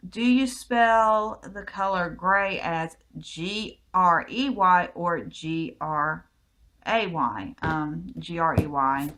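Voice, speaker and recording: A Southern American woman with a fairly low voice chats through a personal question list in a home vlog. Her answers ramble easily and are full of little ums. It sounds relaxed and unscripted. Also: takes it slowly. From United States. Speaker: vlogger. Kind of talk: casual Q&A vlog.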